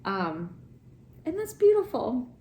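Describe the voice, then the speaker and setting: Her voice fairly high and warm, this woman takes her time, with huge swings in pitch, as she rambles about her current read amid ums and laughs. She's a book vlogger at home, where cats and a laundry machine add faint noise to an echoey room.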